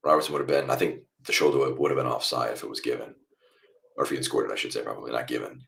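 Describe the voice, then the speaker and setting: A man's voice: rumbling low, rapid-fire, vocal fry, slight background noise. A young man hosting a live football watchalong, chatting casually and calling the plays as he watches. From United States. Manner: chatty, reacts loudly to goals then explains calmly. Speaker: watchalong host.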